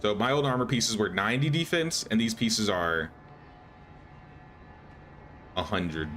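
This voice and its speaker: A man's voice: medium pitch, fairly bright tone. Casual man thinking aloud over gameplay. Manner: thinks aloud, rambling with restarts. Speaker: gaming streamer. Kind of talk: casual live gameplay commentary.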